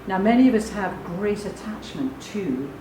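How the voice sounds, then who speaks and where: A woman's voice: medium pitch, expressive, normal speed, noisy background. A woman voice teacher leading a workshop, playful and self-deprecating, who breaks into sung vowels as she talks. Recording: echoey room heard from a distance.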